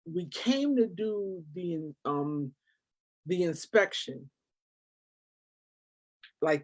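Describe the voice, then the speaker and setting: A woman, a nonprofit founder, telling a personal story in an interview, animated and emotional, acting out what people said. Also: low voice, low-quality recording.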